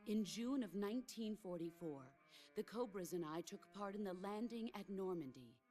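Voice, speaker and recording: An actress voicing a legendary middle-aged woman soldier in a video game cutscene, speaking in a calm, measured, solemn way. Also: mid-range voice, close to an everyday voice. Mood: mournful. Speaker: game character.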